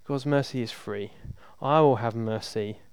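A man's voice: medium pitch, measured pace, smooth, no echo. A man preaching a sermon in a conversational, emphatic way, repeating words for emphasis.

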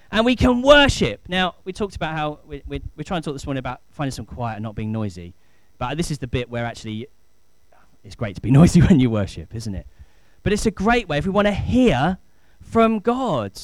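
A man's voice: mid-range voice, lively intonation, brisk, no echo. A man in his thirties, a pastor giving a chatty, enthusiastic family talk in church. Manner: chatty, enthusiastic, rising to emphatic.

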